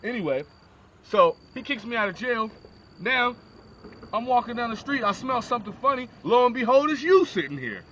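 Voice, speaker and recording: Animated young man telling a crude comic story. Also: very high voice, normal speed, lo-fi sound, a little hiss or hum. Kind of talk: rambling comic shaggy-dog story.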